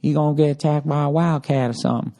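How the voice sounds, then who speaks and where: A man doing an overly polite Southern hotel clerk lady with a put-on Southern drawl. She piles on exaggerated hospitality and sits a bit higher than his own voice. It is plainly a comedic bit within a spoken story. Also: fairly even intonation, fast, dark tone, lightly acted. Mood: apologetic.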